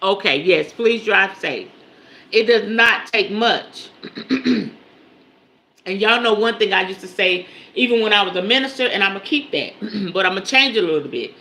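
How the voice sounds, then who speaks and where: A woman's voice: medium pitch, animated, normal speed, sharp tone. A woman giving a spiritual teaching on a livestream, chatting conversationally with her audience and repeating her key points for emphasis. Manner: conversational, often checks in with the audience.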